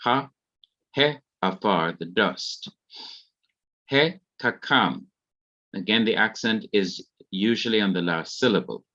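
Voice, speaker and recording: A man's voice: fairly low pitch, slow, long pauses, pushed and bright, muffled recording. A man with a Jamaican accent, carefully explaining grammar rules in an online revision lesson. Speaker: Hebrew teacher.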